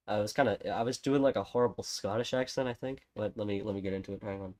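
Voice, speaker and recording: A man's voice: lowish voice, fast talker, hardly any pauses, a little mellow, a little hiss or hum. A man chatting casually and self-deprecatingly while playing through a game. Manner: chatty, self-deprecating, laughs at own mistakes. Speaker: game streamer. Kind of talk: casual let's-play commentary. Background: game music.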